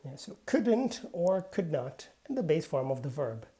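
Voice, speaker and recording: A woman's voice: deep voice, very animated, a little slow, dark tone. A woman English teacher giving a spoken grammar lesson, modelling example sentences aloud and often saying "yeah".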